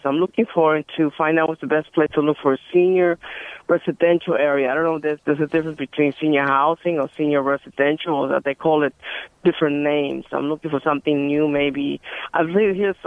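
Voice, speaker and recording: A gravelly, higher-voiced man in his sixties with a New York accent, calling in over a tinny, dry phone line. He talks haltingly and often restarts his sentences. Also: no echo. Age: 60s. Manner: hesitant, halting, many restarts. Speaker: caller. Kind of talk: calling in to a radio show.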